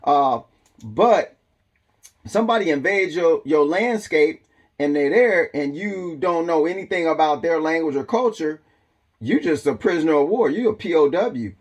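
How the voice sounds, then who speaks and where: A man's voice: fairly high pitch, animated, normal speed. A man hosting a survival channel. He talks in a loose, casual monologue with a drawl and lots of ums.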